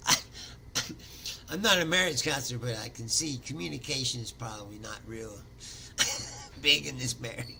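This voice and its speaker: A man hosting his own show, talking in a crisp, bright, gravelly voice. He rambles, swears freely and chuckles at his own jokes as he tells a story, with a faint hum of noise behind him. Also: medium pitch, unhurried, long pauses. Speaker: podcast host. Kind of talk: casual monologue, storytelling.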